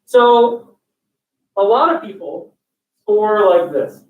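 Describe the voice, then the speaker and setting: A male college instructor lectures his class slowly in a high voice with lively intonation, joking and drifting into tangents as he quizzes students. The classroom is echoey and the mic is distant and dull.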